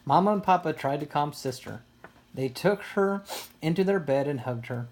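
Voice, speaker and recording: A woman reading a children's picture book aloud in an even storytelling manner. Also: low-pitched, moderate pace, slight background noise. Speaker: storybook reader.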